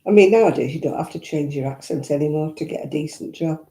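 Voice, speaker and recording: An older woman from Northern England hosts a vlog from her echoey home, her low, dark voice moving at a fast clip. She chats casually and reminisces as she answers viewer comments, tossing in blunt asides.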